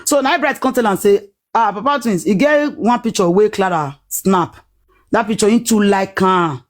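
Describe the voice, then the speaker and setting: A woman with a Nigerian Pidgin accent telling a personal story in a lively, dramatic way, acting out what people said. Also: medium pitch, normal speed. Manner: animated, dramatic retelling with acted-out quotes.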